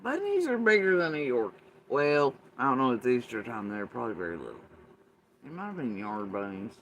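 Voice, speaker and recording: A man hosting a livestream, ranting casually and swearing, swinging between loud outbursts and low muttering. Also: huge pitch swings, fairly quick, muffled recording, slight background noise. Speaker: livestream host.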